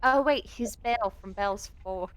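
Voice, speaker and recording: A woman playing a tabletop game, teasing and excitable in casual chat. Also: mid-range voice, measured pace. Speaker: player.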